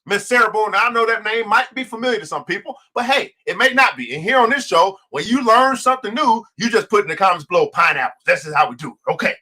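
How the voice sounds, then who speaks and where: A man's voice: high voice, expressive, fast talker, few pauses, bright, forceful tone. A man hosting a livestreamed finance show, talking straight to his viewers and greeting them by name, in a fired-up, preacher-like way that stretches out key words. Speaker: host.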